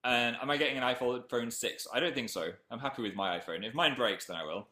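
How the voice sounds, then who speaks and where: A man's voice: medium pitch, a little fast, bright, forceful tone, echoey room. A young man with a Northern English accent, chatting casually on a live stream and reading viewer comments aloud. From Northern England.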